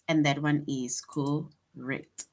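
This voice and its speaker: A woman teaches an online lesson to young children at an unhurried, deliberate pace. She is patient and repeats herself, keeps checking in with "right?", and reads her example sentences aloud with lively bursts of expression. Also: deep voice. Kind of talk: online grade-school lesson.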